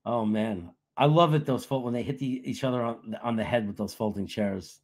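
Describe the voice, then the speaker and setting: A man's voice: medium pitch, normal speed, darkish tone. A man hosting a casual sports live stream, boastful and joking, laughing often. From New York. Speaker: sports show host.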